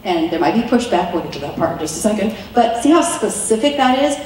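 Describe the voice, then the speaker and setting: A woman's voice: medium pitch, sing-song, quick pace, darkish tone, slight background noise. A woman giving an earnest, chatty teaching talk to wives, often acting out what to say. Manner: earnest and chatty, slips into quoted dialogue. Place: meeting room. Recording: very echoey room from far off.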